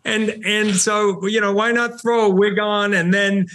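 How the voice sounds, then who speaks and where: A middle-aged man with a New Zealand accent, chatting as a podcast guest. His voice sits a little high for a man, and his talk is animated and full of restarts and quick laughs. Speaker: show host, podcast guest. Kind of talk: casual podcast interview.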